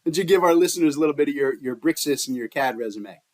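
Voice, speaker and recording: A man's voice: fairly high pitch, lively intonation, fast. A man hosting a podcast in a jokey, playful way, laughing often as he chats with guests. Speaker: podcast host. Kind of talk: casual podcast chat.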